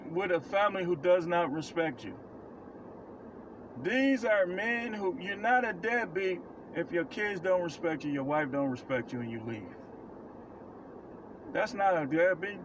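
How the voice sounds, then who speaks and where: Against a noisy background, a man with a high voice preaches life advice to camera as a self-described prophet. His casual monologue is blunt and emphatic, and he repeats phrases for emphasis.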